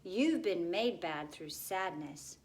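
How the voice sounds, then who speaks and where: A woman's voice: fairly low pitch, animated, takes it slowly, darkish tone. Woman doing a brave young girl, earnest, determined, storybook.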